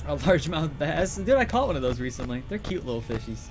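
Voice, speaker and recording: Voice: medium pitch, very animated, quick pace. A streamer playing a horror game live, panicking, swearing, giggling nervously and greeting chat between scares. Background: game music and sounds.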